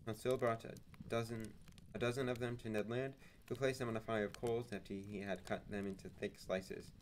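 Brief: male narrator, lowish voice, steady audiobook-style reading, faint hiss behind. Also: normal speed, low-quality recording. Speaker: streamer reading a novel aloud.

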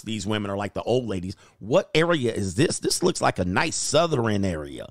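A man's voice: medium pitch, fairly bright tone, no echo, studio quality. A man hosting a livestream, riffing and ranting in slangy casual reaction commentary and laughing often. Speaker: livestream host.

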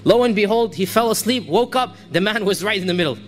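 A man's voice: sits high, lively intonation, fast talker. A man giving a religious lecture in a storytelling manner, quoting the people in his tale and reciting passages in Arabic. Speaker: Islamic preacher.

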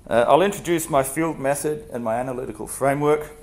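A man with a husky voice from a cold, giving an academic seminar talk in a measured way with frequent fillers. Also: mid-range voice. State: has a cold, coughing. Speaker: guest lecturer.

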